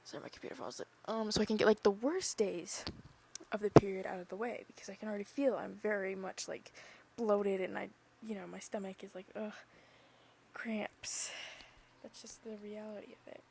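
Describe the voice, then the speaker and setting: Hosting her own podcast, a young woman chats casually and rambles, packing her talk with "like" and "literally" and drifting soft at times. Her mid-range voice is steady and gravelly, her pace quick, with slight background noise.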